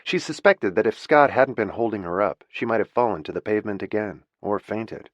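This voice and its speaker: A man narrating a novel in an even, measured way. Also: fairly low pitch, no echo. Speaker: audiobook narrator. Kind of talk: scripted narration.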